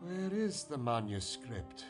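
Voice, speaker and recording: A man's voice: mid-range voice, sing-song, slow, music in the background. A man voicing a haughty, secretive middle-aged aristocrat in a video game, speaking with a Scottish accent in a stiff, condescending way.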